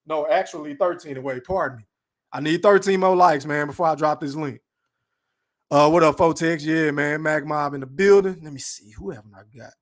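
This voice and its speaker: A man's voice: a little high, normal speed. A man hosting a live podcast stream in a laid-back, slangy, profane way, greeting chat names and talking boxing.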